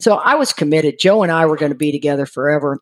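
A woman's voice: deep voice, fast talker. A middle-aged woman telling a personal story casually, acting out what people said and laughing as she goes. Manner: lively, laughing, acts out quoted voices. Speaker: storyteller sharing her recovery story.

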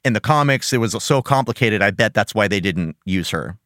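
A man's voice: fairly low pitch, lively intonation, brisk, fairly bright tone, dry recording, clean studio sound. A young man hosting a casual podcast, talking animatedly, laughing often and acting out character voices. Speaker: podcast host. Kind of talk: casual chat about a cartoon.

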